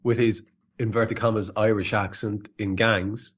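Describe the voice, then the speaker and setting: A man co-hosts a podcast in loose, chatty talk, stumbling over repeated words and laughing easily. His voice sits fairly low. The recording is a little dull. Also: flat delivery, unhurried, husky. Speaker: podcast co-host. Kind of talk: casual podcast chat.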